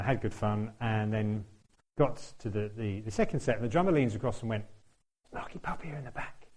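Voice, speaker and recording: A man's voice: lowish voice, darkish tone. A man telling a chatty, self-deprecating story during a church talk, laughing often and acting out what people said. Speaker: church speaker. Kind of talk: anecdotal sermon storytelling.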